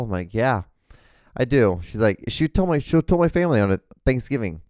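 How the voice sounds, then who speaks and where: A man's voice: mid-range voice, big pitch swings, a little fast, a little mellow, dry recording, clean studio sound. A man in his thirties telling a rambling, profane personal story on his solo podcast, with many restarts. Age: 30s. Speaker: podcast host.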